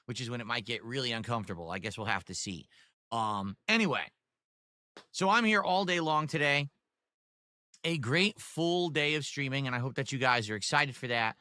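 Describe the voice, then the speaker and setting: Dude rambling on his stream, lots of ums, crisp bright tone. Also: mid-range voice, expressive, moderate pace, dry recording. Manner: rambling, meandering, many fillers. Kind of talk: casual stream talk.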